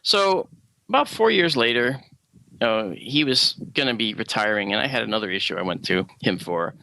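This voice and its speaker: Gravelly guy telling his story on the radio, lively up and down, punchy bright voice. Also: mid-range voice, normal speed, rough recording. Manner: animated, acts out dialogue in the story. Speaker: guest. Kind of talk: personal storytelling on a call-in radio show.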